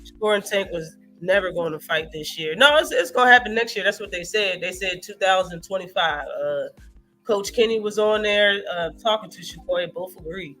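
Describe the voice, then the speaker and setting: High-voiced animated man on a live stream. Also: moderate pace, soft background music. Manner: animated, profane, reacts to live chat. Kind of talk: casual live-stream boxing talk.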